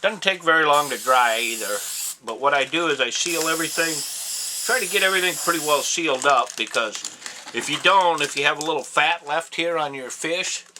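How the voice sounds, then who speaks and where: A man's voice: a little high, fairly quick. A man giving a casual step-by-step craft demonstration in his home workshop, plain-spoken and folksy with rambling asides. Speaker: taxidermy instructor. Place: home workshop with air compressor. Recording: hissy workshop audio, compressor noise. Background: air compressor and spray hiss.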